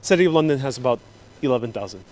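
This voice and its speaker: A man's voice: medium pitch, animated, racing, darkish tone. A man hosting a live walking-tour vlog on city streets, chatty and joking as he talks straight to his viewers. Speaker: travel vlogger host.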